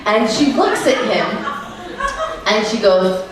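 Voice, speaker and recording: A woman's voice: mid-range voice, animated, slow pace, heavy background noise. A woman, doing brash, self-mocking live stand-up comedy. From New York. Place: comedy club stage. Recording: echoey live room, mic at a distance. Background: audience laughter.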